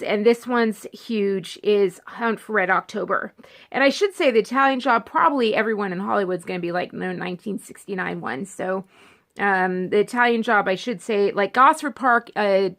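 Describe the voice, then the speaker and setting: Chatty woman with a gravelly voice. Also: medium pitch, fairly bright tone. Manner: rambling, chatty, often breaks off and restarts sentences. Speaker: movie vlogger. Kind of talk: casual chat.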